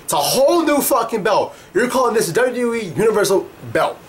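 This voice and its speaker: A man's voice: high voice, sing-song, brisk. A young man giving a heated, profane rant as a wrestling commentary vlogger. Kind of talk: ranting commentary.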